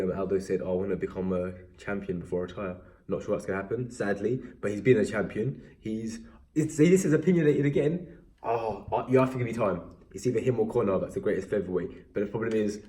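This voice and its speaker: Young English man, mellow low voice, casual rambling sports vlogger. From England. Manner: rambling, self-deprecating, animated when excited. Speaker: MMA vlogger. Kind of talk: casual recap chat.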